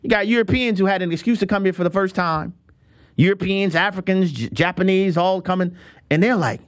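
Man, talk show host, high voice, opinionated, animated, laughs a lot. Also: fairly quick. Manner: animated, drops voice low for asides, laughs often. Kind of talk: opinionated commentary.

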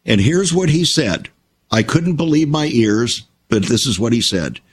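An older man telling stories and reflecting in an emphatic, measured conversational way. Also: medium pitch, expressive, husky.

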